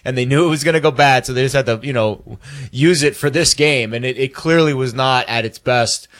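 A man's voice: mid-range voice, fairly quick, fairly bright tone. Male co-host, mid-range voice, loose and playful, lots of fillers. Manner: rambling with repeated fillers, playful. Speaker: sports show co-host. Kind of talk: casual sports talk.

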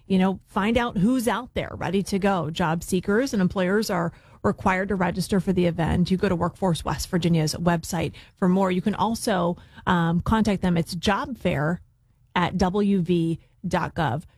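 A woman's voice: lowish voice, normal speed, a little mellow, slightly rough, no room sound. A woman co-hosting a live radio show, reading community announcements in a conversational way. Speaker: radio news anchor and co-host. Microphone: studio microphone.

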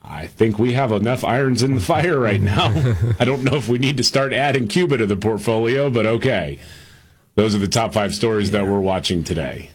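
A man's voice: on the low side, moderate pace, slightly rough. A man co-hosting a radio show, running through the day's news with chuckles and frequent fillers. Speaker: radio co-host reading news. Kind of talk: news rundown with banter.

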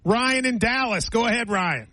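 A man's voice: very high voice, expressive, moderate pace, sharp tone, dry recording. A man from the American South hosting sports radio, teasing his co-host and callers in casual chat. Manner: teasing, bantering.

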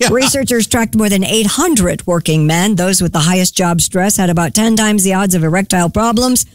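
A co-host reading short news items on a radio show in a measured, matter-of-fact way. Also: medium pitch, dry recording.

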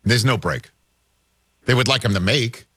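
A man's voice: mid-range voice, normal speed, pushed and bright, slightly rough, no room sound. A man hosting a sports talk radio show, talking emphatically and repeating words as he builds his points.

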